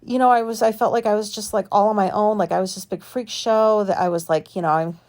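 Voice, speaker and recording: A woman's voice: medium pitch, steady tone, fast talker, darkish tone. A woman vlogger telling a personal story in casual, rambling talk, swearing freely and filling gaps with filler words. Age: adult.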